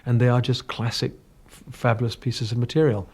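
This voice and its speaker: A man's voice: mid-range voice, level tone, a little fast, darkish tone. Chatty older Englishman from North London. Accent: English, slightly Cockney and northern. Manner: chatty, anecdotal, self-deprecating, frequent restarts. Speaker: guest singer. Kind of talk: casual interview chat. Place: radio studio.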